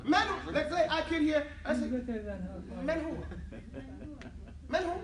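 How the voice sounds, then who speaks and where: A man's voice: very high voice, a little slow, a crowd in the background. A man teaching an Arabic class, drilling students with call-and-response and laughing often. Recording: echoey classroom from far off, students chattering.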